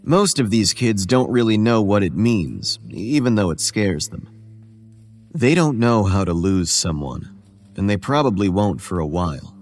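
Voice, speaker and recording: Taking on the first-person voice of a weary homeless boy who appears around eleven, a man narrates a horror story in a quiet, measured, tired manner. His voice is on the low side and expressive, with soft music in the background.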